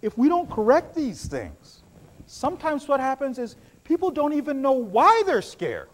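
A male preacher with a strikingly high voice delivers a sermon. His pitch swoops widely as he shifts from loud, excited bursts to low, hushed asides. The telling is animated and story-driven. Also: moderate pace.

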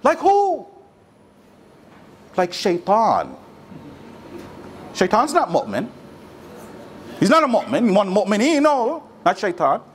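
A man's voice: high voice, wildly swooping pitch, measured pace, pauses often, slight background noise. A man preaching a sermon to a congregation, using rhetorical questions and repetition. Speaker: religious speaker.

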